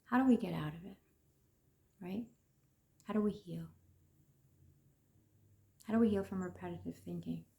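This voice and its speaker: A woman coach speaks in a soft, reflective way, asking gentle rhetorical questions and sometimes dropping almost to a whisper. Her voice has a gravelly edge, and the tone is dark and mellow. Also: on the low side, moderate pace, pauses often. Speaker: emotions coach.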